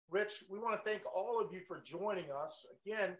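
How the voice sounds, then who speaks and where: A man co-hosting a live marketing stream, pitching in an emphatic, motivational way. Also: fairly quick, fairly bright tone. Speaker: co-host of a marketing webinar. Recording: dull, lo-fi stream audio.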